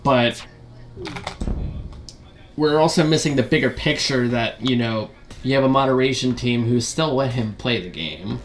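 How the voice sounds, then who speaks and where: A man's voice: mid-range voice, unhurried, long pauses. A man ranting as a gaming video commentator, frustrated and profane, full of rhetorical questions and repeated fillers.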